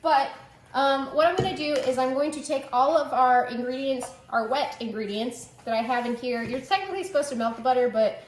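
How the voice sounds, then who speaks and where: A woman's voice: sits high, fairly quick, reverberant, slight background noise. A woman hosting a casual cooking vlog from her home kitchen, joking around and filling her talk with "like". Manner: chatty, joking, lots of "like" fillers.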